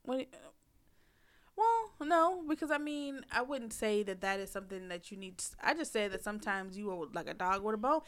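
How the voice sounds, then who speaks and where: Sassy young woman, animated. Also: mid-range voice, moderate pace. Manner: animated, sassy, mimics her partner in quoted voices. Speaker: wife in a couple's talk. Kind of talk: casual argumentative chat.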